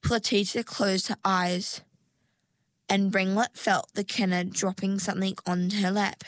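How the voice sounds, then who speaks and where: A woman narrating a storybook in an unhurried, expressive way. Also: mid-range voice, no room sound. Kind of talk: storybook reading.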